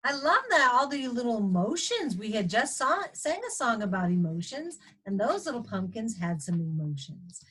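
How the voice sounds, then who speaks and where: A woman reading a picture book aloud to children at story time, expressive and animated. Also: fairly high pitch, moderate pace, hardly any pauses, slight background noise.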